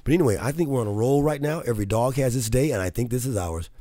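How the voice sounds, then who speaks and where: Chatty excitable radio host, warm-toned man. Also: mid-range voice, quick pace, dry recording. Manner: chatty, excitable, laughs often. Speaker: radio talk show host. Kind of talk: casual radio talk and monologue.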